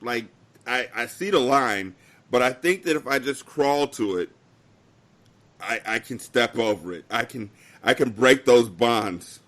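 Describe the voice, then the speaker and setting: A young man co-hosting a podcast, telling a work story in casual chat with animated delivery and mock-formal phrasing. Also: mid-range voice, a little slow. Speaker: podcast co-host.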